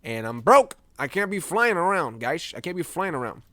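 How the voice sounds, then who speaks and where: A man's voice: a little high, big pitch swings, moderate pace, pushed and bright, no echo, clean studio sound. A young American man chatting casually while he edits images live for a stream, rambling, joking at himself and laughing often. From United States.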